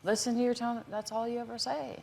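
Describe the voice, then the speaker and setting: A woman's voice: fairly high pitch, level tone, fast talker, gravelly, darkish tone, slight background noise. A woman on a talk show, arguing defensively with her husband in a TV studio. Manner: defensive, indignant. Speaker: guest. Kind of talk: heated argument with spouse.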